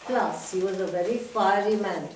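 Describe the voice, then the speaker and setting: A woman's voice: medium pitch, moderate pace, darkish tone, a little hiss or hum. An older woman giving a talk, telling a personal story from memory, with many restarts and small laughs. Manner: reminiscing, with frequent restarts and laughs. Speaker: guest speaker. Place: talk venue hall. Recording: echoey hall from far off.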